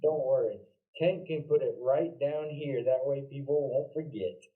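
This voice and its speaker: Male podcast host, excitable and laughing often, mid-pitched voice, tinny phone-line sound. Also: moderate pace. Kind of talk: casual podcast chat.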